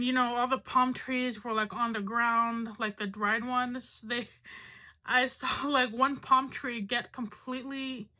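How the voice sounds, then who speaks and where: A woman's voice: a little high, pushed and bright. A woman in her thirties from Arizona, chatting casually to camera and telling a dramatic story full of "like" and self-mocking asides. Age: 30s. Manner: dramatic storyteller, lots of "like", laughs at herself. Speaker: beauty vlogger.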